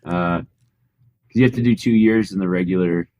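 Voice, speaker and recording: A Canadian man with a very low voice speaks as a podcast guest. He tells his story in a relaxed, modest way, dotted with fillers. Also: normal speed. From rural Alberta, Canada. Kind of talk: casual interview storytelling.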